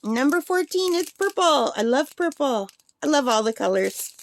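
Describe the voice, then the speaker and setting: A woman's voice: sits high, big pitch swings, moderate pace. A middle-aged woman talking casually and rambling as she works on a craft vlog, laughing often. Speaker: craft vlogger.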